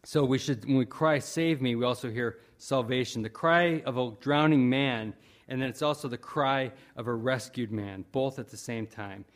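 A man's voice: mid-range voice, normal speed. Earnest conversational male preacher. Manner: conversational, earnest, with frequent fillers and restarts. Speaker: pastor. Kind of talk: sermon.

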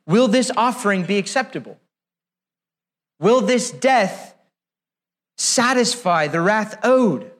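Guy preaching a sermon, really high voice, emphatic and deliberate, lots of rhetorical questions. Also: fairly bright tone.

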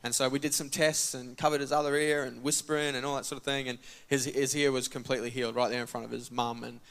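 A man's voice: medium pitch, fast talker. A man, a church member casually telling a testimony and acting out the dialogue. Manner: casual, animated, acts out dialogue. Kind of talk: testimony storytelling.

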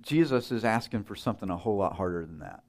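A man's voice: fairly low pitch, lively intonation, fast, a little mellow. A man preaching a sermon in a conversational way, putting questions to his listeners and acting out the voices in a story he tells.

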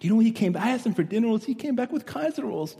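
A man voicing an exasperated wife complaining to her friends, in a shrill, indignant tone, heard with a long hall echo. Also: lively intonation, racing, creaky, warm tone, full character voice.

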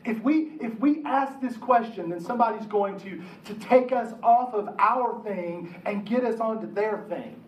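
A man's voice: high-pitched, a little mellow, slight background noise. A man preaching a conversational sermon, slipping into the voices of the people he quotes. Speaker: pastor. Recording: echoey room, mic from a distance.

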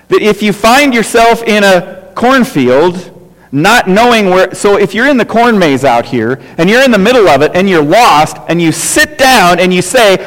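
Middle-aged male pastor, high-pitched, conversational sermon, repetitive and questioning, echoing sanctuary. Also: a bit bright. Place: church sanctuary. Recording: reverberant church hall.

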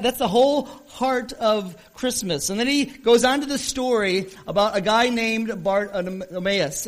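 A man preaching a sermon as pastor, retelling a Bible story earnestly with shifts in pace and loudness. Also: high voice.

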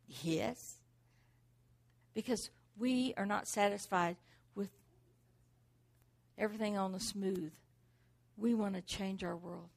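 A woman's voice: mid-range voice, slow pace, creaky, pauses often. A middle-aged woman preaching a sermon, driving points home with rhetorical questions and repeated exhortations.

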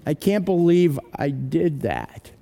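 A man acting out a remorseful young man who quietly pleads with a pastor, speaking haltingly. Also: a little high, big pitch swings, vocal fry, pitched below the performer's own voice, exaggerated voice. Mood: remorseful pleading. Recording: long hall reverb.

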